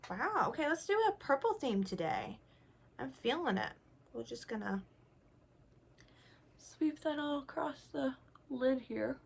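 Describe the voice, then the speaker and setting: A young woman with a slightly higher voice talks her way through a makeup tutorial. She is chatty and pokes fun at her own messiness. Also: sing-song, a little slow, gravelly, long pauses, slightly rough. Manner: chatty, self-deprecating, talks while applying makeup. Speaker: beauty vlogger. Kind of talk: casual makeup tutorial chat.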